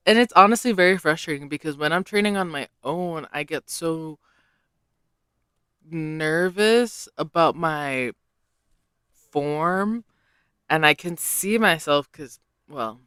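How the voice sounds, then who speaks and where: Slow, bright-voiced man musing aloud. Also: a little high, clear, resonant tone, dry recording, studio quality. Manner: rambling and self-deprecating, full of hesitations. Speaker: podcast host. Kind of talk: casual solo podcast chat.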